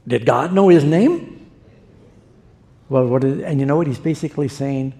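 A man's voice: mid-range voice, lively intonation, moderate pace, dark tone. A middle-aged man preaching a sermon, telling the story vividly and acting out the quoted voices.

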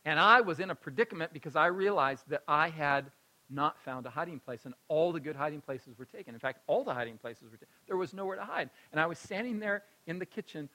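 A man tells a personal story fast in a high, bright and forceful voice, animated and often laughing. He swings between loud and hushed, and the recording is rough.

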